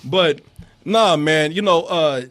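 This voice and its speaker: A man hosting a casual movie review chat, ranting in a profane, animated way. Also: fairly high pitch, takes it slowly, slight background noise. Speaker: movie review show host.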